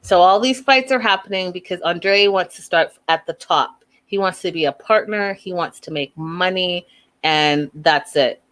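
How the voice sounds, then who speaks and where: Woman host, slightly low pitch, animated opinionated recap commentary. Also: normal speed. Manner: animated, opinionated, acts out quotes. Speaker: show host reviewing reality TV.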